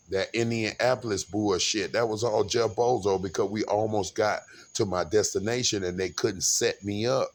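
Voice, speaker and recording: A man with a somewhat low voice tells a rambling, casual story straight to his audience. He curses freely and trips over his own words, restarting phrases again and again. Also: steady tone, moderate pace. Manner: rambling, profane, with repeated restarts. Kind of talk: casual monologue recounting a bus trip.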